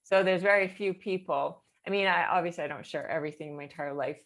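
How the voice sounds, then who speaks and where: A woman's voice: lowish voice, quick pace. Rambling woman with nervous laughs. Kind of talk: casual chat.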